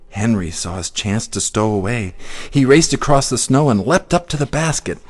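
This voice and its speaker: A man with a mid-range voice reads a children's picture book aloud, using an expressive, sing-song storytelling style.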